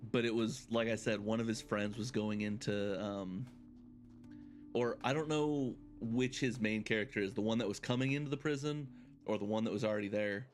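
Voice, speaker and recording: A man giving casual, chatty commentary while playing a video game, thinking aloud and laughing often. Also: lowish voice. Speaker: game streamer. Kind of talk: casual let's-play commentary.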